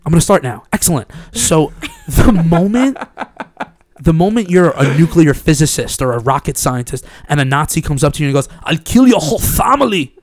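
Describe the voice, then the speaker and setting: A young man with a fairly high voice talks loosely into a studio mic, rambling and swearing as he tells a story and laughing along the way. The sound is dry and close. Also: normal speed, darkish tone, no echo. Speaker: podcast co-host. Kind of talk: casual chat.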